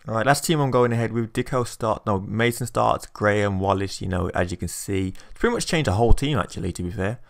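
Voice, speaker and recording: A young man giving excitable live commentary on a football video game, shouting at his players. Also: lowish voice, brisk, creaky, few pauses. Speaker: gaming YouTuber.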